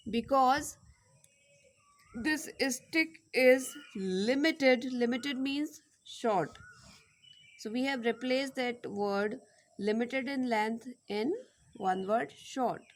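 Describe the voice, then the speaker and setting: In a slow classroom lecture, a woman reads example sentences aloud and dictates words one at a time, repeating each. Her voice sits a little high.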